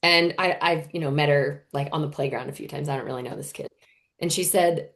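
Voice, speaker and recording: A woman in her thirties, a podcast guest telling an emotional personal story in an earnest, animated way. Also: low voice, fairly quick, creaky. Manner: earnest, animated, often voices others in quotes.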